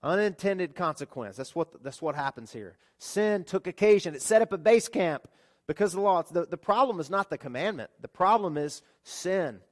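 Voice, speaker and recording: A pastor preaching a sermon, telling stories with lively rhetorical questions to his congregation. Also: high-pitched, normal speed.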